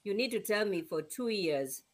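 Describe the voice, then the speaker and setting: A woman's voice: mid-range voice, expressive, normal speed, a loud crowd. A woman on a review panel recapping a dating show in casual chat, emphatic and repeating herself as she gets worked up.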